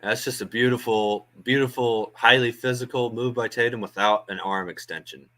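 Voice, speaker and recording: A man's voice: mid-range voice, steady tone, moderate pace, fairly bright tone. A man hosting a fan watch-along stream, giving casual live play-by-play with chatty asides, frequent ums and uhs.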